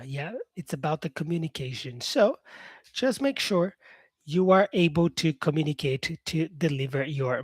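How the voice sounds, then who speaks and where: This is a man speaking a little high, with a fairly bright tone, captured in a dry recording. He teaches English with an Australian-influenced accent and is chatting with viewers during a live-stream lesson, unhurried and chatty, leaning on "yeah" and "um" and calling folks "mate".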